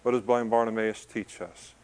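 A man preaching a conversational sermon, joking in asides, building to loud emphasis and then easing down soft. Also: lowish voice, steady tone, moderate pace. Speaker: pastor. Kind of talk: expository sermon to a congregation.

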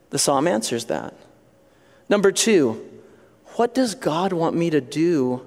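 A male pastor delivers a sermon with a somewhat high voice. He is earnest, pushes up into emphatic questions, then sinks quiet on key lines. His voice rings out with a long reverb.

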